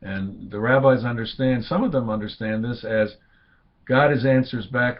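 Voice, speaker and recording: Man, informal lecture, many ums and restarts, acts out quotes, middle pitch, slightly muffled recording. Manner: unhurried, thinking aloud with many fillers and restarts; quotes Hebrew and acts out speakers with raised pitch. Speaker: lecturer on rabbinic texts.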